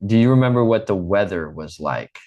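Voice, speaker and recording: A man teaching an online English class, patient and encouraging, drilling words slowly and clearly. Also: fairly low pitch, lively intonation, a little mellow, muffled recording.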